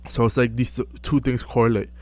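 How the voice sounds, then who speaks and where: A young man giving casual self-improvement advice to camera, relaxed and full of fillers, often checking in with "right?". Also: mid-range voice, fairly quick. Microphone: close mic.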